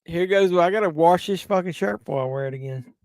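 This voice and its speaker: A man's voice: high voice, fast, a little mellow, no echo, studio quality. Tipsy man rambling on a live stream. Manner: rambling, profane, answers chat messages. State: tipsy from drinking. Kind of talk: casual live-stream chat during a movie watch-along.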